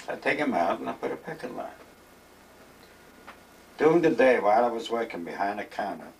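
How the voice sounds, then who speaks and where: A man's voice: lowish voice, far from the mic, a little hiss or hum, rough recording. An older man being interviewed, reminiscing in a rambling, emphatic way and acting out the dialogue of his old stories. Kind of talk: reminiscing storytelling. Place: retirement village home.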